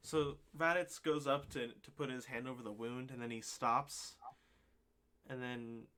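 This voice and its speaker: A man narrating as game master of a tabletop game, pausing often with ums and uhs. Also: mid-range voice, steady tone, crowd noise. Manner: hesitant, lots of ums and uhs.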